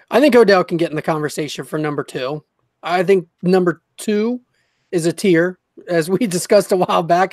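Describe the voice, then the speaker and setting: A man's voice: a little high, dry recording. A man joins a casual sports chat as co-host. He sounds laid-back and a little quizzical. His voice is recorded dry and close, with no room around it. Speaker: podcast co-host.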